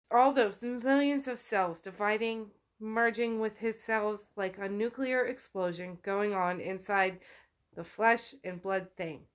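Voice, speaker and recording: A woman podcast host casually retelling a book chapter, with lots of "like" fillers. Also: mid-range voice.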